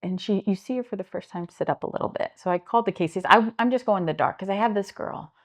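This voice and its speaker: Talking fast in a mid-range voice, this middle-aged woman earnestly tells stories in an interview, animatedly playing the part of each person she quotes. She has a Midwestern American accent and directs homeless services.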